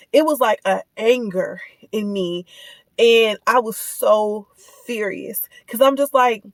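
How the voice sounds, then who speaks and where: A woman's voice: mid-range voice, gravelly, dry recording. A woman telling a personal story in a casual, heated rant, indignant and repeating herself as she retells it. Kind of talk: casual ranting vlog.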